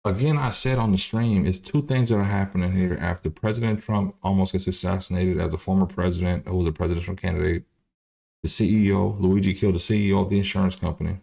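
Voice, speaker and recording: A man's voice: sits low, steady tone, fast talker, creaky, warm tone. A man hosting a livestream, giving loose, profane political commentary with many restarts. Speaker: livestream host.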